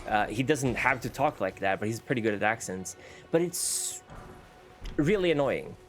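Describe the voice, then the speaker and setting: Swedish guy rambling thru a game stream, bouncy lively pitch, faint music behind. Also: moderate pace. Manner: rambling, restarts sentences, animated. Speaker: VTuber streamer. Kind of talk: casual gaming stream commentary. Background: faint background music.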